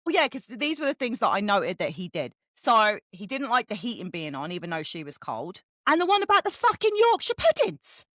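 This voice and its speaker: A woman co-hosting a casual book chat, swearing freely and telling animated stories. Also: medium pitch, a little fast, few pauses, no echo, studio quality. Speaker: podcast co-host.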